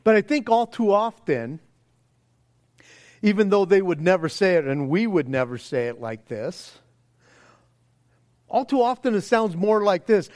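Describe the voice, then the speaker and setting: A man's voice: high voice, sing-song, measured pace, long pauses, darkish tone. A man preaching a conversational sermon, earnest and casual, with stammering restarts, and often acting out the voices he quotes. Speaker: pastor.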